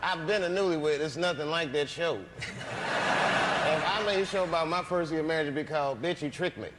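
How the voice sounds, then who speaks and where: A man's voice: fairly high pitch, a little fast. A man telling comic stories as a talk show guest, laughing often and acting out other people's voices. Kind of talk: comic storytelling. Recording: noisy broadcast clip.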